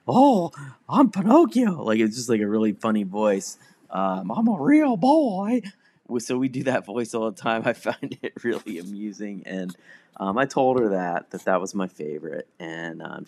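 A middle-aged father speaking in a reflective personal monologue, conversational, with restarts and soft laughs. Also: sits low, vocal fry. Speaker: newsletter writer and comedian.

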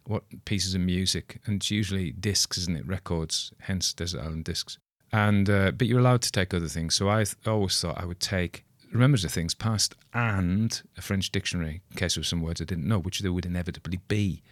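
Middle-aged guy rambling on about a story, really low voice, dry close sound, wry asides. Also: brisk, few pauses, no room sound. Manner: digressive, self-deprecating, wry asides. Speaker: audiobook reader commenting on a story. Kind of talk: rambling casual commentary.

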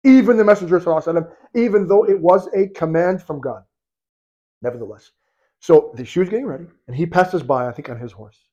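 A man preaching in a storytelling sermon, acting out the people in the story and swinging from loud to hushed. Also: fairly high pitch, quick pace, highs cut off. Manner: animated, acts out quoted voices, swings from loud to hushed.

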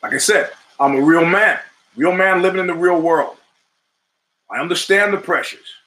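A middle-aged man holds forth as a podcast host in a forceful, bright-edged voice pitched a little above the usual male range. He talks in an emphatic, rhetorical way, firing off questions and repeating phrases to drive points home. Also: moderate pace. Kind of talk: opinionated monologue.

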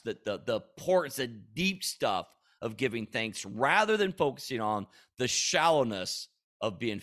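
A man hosting a Christian podcast, talking casually and earnestly in a rambling way, with frequent restarts and bursts of animation. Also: mid-range voice. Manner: rambling, repeats himself and restarts, with animated bursts when quoting God. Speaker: podcast host.

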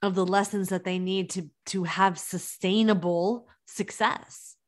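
A woman's voice: medium pitch, steady tone, a little slow. A woman in her thirties, a business coach, talking earnestly and encouragingly in a motivational monologue. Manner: earnest and encouraging, with emphatic restarts.

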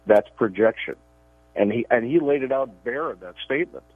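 Emphatic husky man on a phone line. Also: mid-range voice, expressive, normal speed, no echo. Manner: emphatic, repeats words when starting sentences. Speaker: radio show co-host and columnist. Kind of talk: political radio commentary. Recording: tinny phone line, dry.

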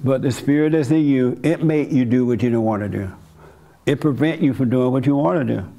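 A man's voice: medium pitch, fairly quick, creaky, dark tone. An older man preaching a sermon as pastor, telling stories and acting out the voices of people he quotes.

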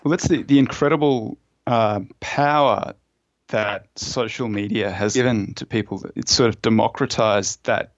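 A man's voice: lowish voice, unhurried, no room sound, lo-fi sound. A man as a podcast guest, explaining at length and storytelling with fillers and restarts. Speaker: author and fund manager, guest. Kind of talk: conversational explanation in a podcast interview.

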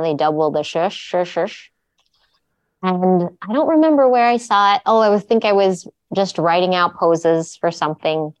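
Chatty woman with a low, dry voice. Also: moderate pace, no echo. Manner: chatty storyteller, many "like"s and restarts. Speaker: yoga teacher guest. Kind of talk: casual interview chat.

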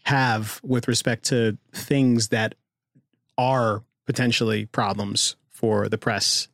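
A man co-hosting a political podcast, asking questions in a measured, formal way. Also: medium pitch, flat delivery, creaky, a bit bright, no echo, studio quality. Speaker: podcast co-host. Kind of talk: casual political podcast chat.

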